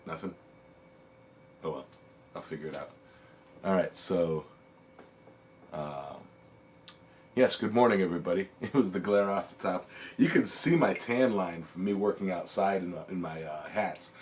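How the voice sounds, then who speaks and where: Easygoing male stream host with a very low voice and a quick chuckle, casual chat. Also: a little hiss or hum. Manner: chuckles often while reading chat; relaxed, rambling, lots of ums. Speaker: livestream host.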